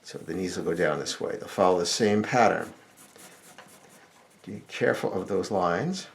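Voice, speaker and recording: A middle-aged man teaching drawing step by step, talking in a relaxed, explanatory way as he sketches. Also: sits low, moderate pace, gravelly. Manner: relaxed explanatory, thinking aloud while sketching. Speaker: drawing instructor.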